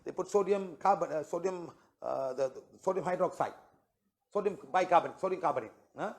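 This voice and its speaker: A man with a fairly high voice teaches a healing workshop to an audience. He lectures in short spoken phrases and keeps checking in with "okay?" and "huh?". He retells his clients' words as quick quoted exchanges. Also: expressive.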